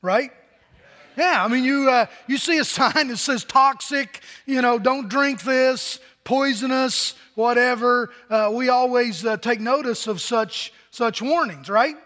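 An older male pastor with a notably high voice tells a story from the pulpit, conversational and full of asides. His words ring out with a long reverb in a church hall. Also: measured pace, pushed and bright. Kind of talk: sermon.

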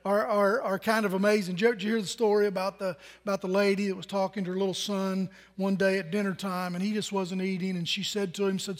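A man's voice: high voice, little pitch movement, quick pace, hardly any pauses, long reverb tail. A middle-aged man preaching a sermon as a pastor, telling stories and asking the congregation questions. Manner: conversational storytelling, asks the congregation questions. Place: church sanctuary.

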